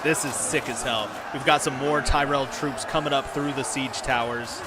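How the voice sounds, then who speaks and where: Male streamer, mid pitch, excited casual play-by-play, noisy background. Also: moderate pace, over a noisy crowd. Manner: excited, swears, lots of fillers. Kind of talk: casual gameplay commentary. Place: home room.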